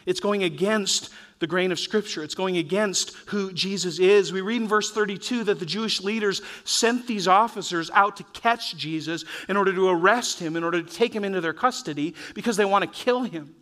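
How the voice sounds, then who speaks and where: A man preaching a sermon as pastor, earnest and urging, his voice rising and falling in loudness from point to point. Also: high-pitched, fairly quick, hardly any pauses.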